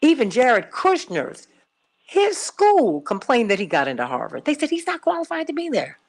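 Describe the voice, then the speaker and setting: A woman's voice: on the high side, huge pitch swings, moderate pace, gravelly. A middle-aged woman from Chicago hosting a call-in radio show, telling a personal story emphatically and repeating herself for stress. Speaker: radio talk show host.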